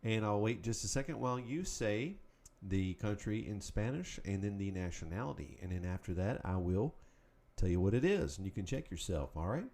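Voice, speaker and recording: A man hosting a Spanish lesson podcast, calling out words, pausing, then giving the answers in an upbeat, patient way. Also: fairly low pitch, animated, dark tone. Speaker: Spanish teacher. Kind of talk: podcast language drill.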